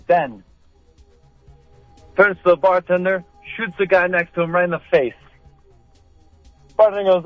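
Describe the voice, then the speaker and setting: A man's voice: sits high, moderate pace, long pauses, no echo, soft background music. A man calling into a radio show and telling a long joke, acting out the characters. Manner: animated storyteller, voices the characters. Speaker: caller. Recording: tinny dry phone line.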